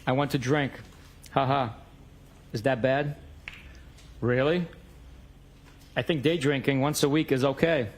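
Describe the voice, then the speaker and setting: A man's voice: medium pitch, fairly even intonation, measured pace, long pauses. A man in a courtroom reading out both sides of a text message exchange, stating the date and time of each message.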